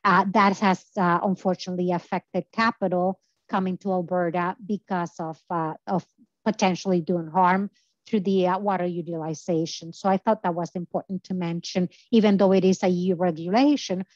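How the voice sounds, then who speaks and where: A woman's voice: lowish voice, fairly even intonation, moderate pace, no room sound, muffled recording. A woman giving a lecture over slides, explaining step by step with many filler sounds, her voice a little tired from talking all day. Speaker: guest lecturer.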